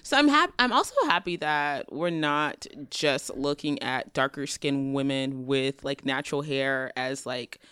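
A woman's voice: very deep voice, expressive, measured pace, hardly any pauses, a bit bright, smooth, no room sound, clean studio sound. A woman co-hosting a podcast, chatting expressively and laughing often. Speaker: podcast co-host. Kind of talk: casual podcast chat.

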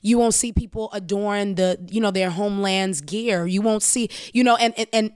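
A woman speaking as a podcast guest in an animated, emphatic way, full of casual slang. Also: mid-range voice, moderate pace, smooth, no echo, studio quality.

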